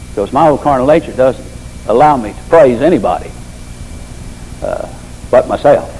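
A man's voice: mid-range voice, warm tone, slight background noise, rough recording. An older man preaching a sermon, telling folksy stories with emphatic repetition.

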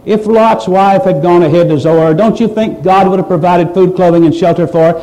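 A man's voice: high-pitched, moderate pace, mellow, poor audio. A man preaching a sermon, pressing his listeners with rhetorical questions and building to emphatic, raised passages. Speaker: pastor.

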